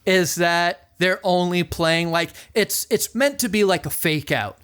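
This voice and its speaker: A man co-hosting a podcast, telling a long rambling story and acting out what others said, now and then shouting a quote. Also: high voice, a little slow, clean tone. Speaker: podcast co-host. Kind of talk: casual chat about music.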